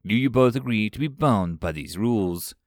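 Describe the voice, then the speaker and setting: A man's voice: lowish voice, expressive, normal speed, no room sound, studio quality, natural voice. A man voicing a cold, formal android mediator that speaks in a precise, officious way. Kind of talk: audiobook character voice.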